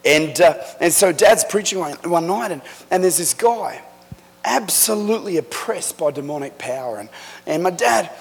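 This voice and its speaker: Husky fervent preacher in an echoing church. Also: male voice, on the high side, expressive, moderate pace. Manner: fervent storytelling preacher, builds to loud emphatic climaxes. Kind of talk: sermon. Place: church sanctuary. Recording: echoey church hall.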